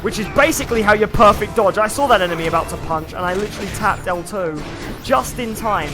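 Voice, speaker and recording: A young man streaming a video game, chatting casually and excitably with lots of filler words as he plays. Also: high-pitched, fast talker. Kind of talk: live gameplay commentary. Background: faint game music.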